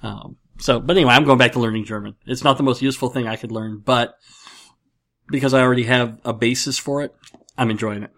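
A man's voice: mid-range voice, fairly even intonation, quick pace, fairly bright tone, a little hiss or hum. A middle-aged man from upstate New York, telling rambling stories and jokes in a casual podcast chat. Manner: rambling, jokey storyteller with many restarts. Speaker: podcast host.

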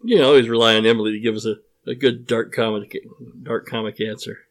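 A man's voice: medium pitch, steady tone, fast talker. Brief: male podcast host, jokey and teasing, mid-range voice, casual reads. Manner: playful, jokey, reads listener answers aloud.

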